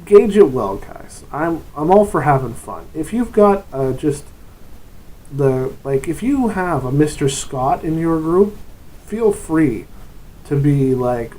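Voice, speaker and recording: Rambling man with a higher voice. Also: very animated, takes it slowly, warm tone, poor audio. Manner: rambling and digressive, often breaking into short put-on voices. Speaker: tabletop RPG vlogger and game master. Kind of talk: casual advice monologue.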